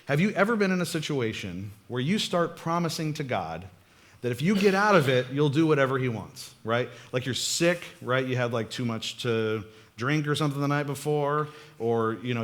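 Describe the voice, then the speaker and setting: A young man preaching in a church, his voice at an ordinary middle pitch. He tells a story in a relaxed, conversational way, joking and laughing with the congregation as he goes. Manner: casual, joking, laughs often, talks straight to the congregation. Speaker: pastor. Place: church sanctuary.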